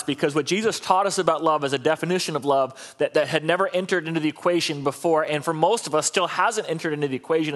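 A man's voice: a little high, fairly bright tone. Conversational middle-aged male pastor. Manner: conversational, humorous, repetitive. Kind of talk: sermon.

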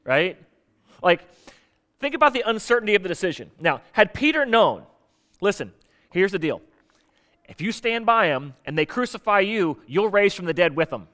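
A man delivers a sermon in a loose, conversational way, with a slightly higher voice than most men. He keeps it casual and animated and slips into little voices to act out dialogue. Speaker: pastor.

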